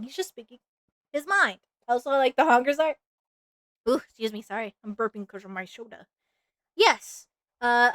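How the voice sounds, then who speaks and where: Bright-voiced chatty woman streamer. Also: on the high side, no echo. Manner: rambling and chatty with many fillers; playful, breaks into sing-song. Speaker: VTuber streamer. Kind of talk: casual chat while drawing on stream.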